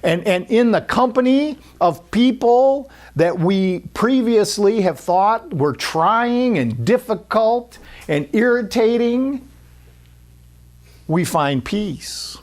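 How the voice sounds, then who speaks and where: A man's voice: high-pitched, expressive, takes it slowly, darkish tone. A man preaching an earnest spiritual talk, restarting his phrases often and acting out what people say to themselves. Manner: earnest, repetitive, with many restarts and acted-out quotes. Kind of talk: spiritual sermon.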